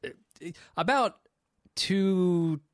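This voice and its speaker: A man's voice: high voice, very slow, dry recording, studio quality. A man co-hosting a podcast, giving blunt, opinionated movie takes in casual chat and laughing often. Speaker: podcast co-host.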